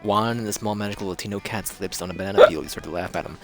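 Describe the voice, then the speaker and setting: A man's voice: on the low side, racing, over music. A man reading game text aloud on a live stream, casual and joking. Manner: casual, joking, playful narration. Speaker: streamer playing a dating game.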